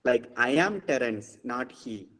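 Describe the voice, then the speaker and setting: A man, a priest teaching Greek, giving an online lecture and explaining slowly and patiently with repeated examples. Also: medium pitch, expressive, big-room sound, crowd noise, rough recording.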